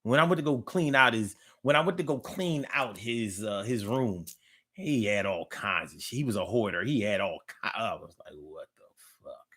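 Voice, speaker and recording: A man's voice: fairly low pitch, moderate pace, fairly bright tone. A man hosting a live online talk show, telling a story casually and profanely, repeating phrases.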